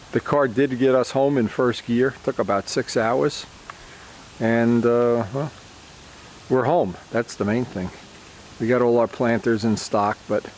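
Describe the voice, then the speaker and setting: A man talks casually to the camera in a middle-pitched voice. He rambles and grows sentimental, leaving many sentences unfinished. A faint hum of background noise sits under his voice. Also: a little mellow. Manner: rambling, sentimental, often trails off mid-sentence. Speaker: vlogger.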